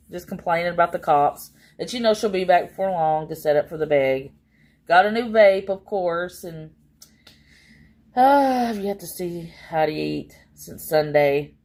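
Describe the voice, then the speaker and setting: A woman's voice: low-pitched, a little mellow. A woman chatting casually on a livestream, rambling and exasperated, with many fillers.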